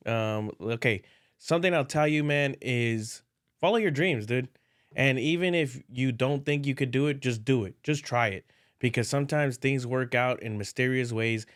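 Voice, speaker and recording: A man's voice: mid-range voice, moderate pace, no echo, studio quality. A man who is a comedian, a guest on a casual podcast, talking in a laid-back way with lots of "dude" and "man.".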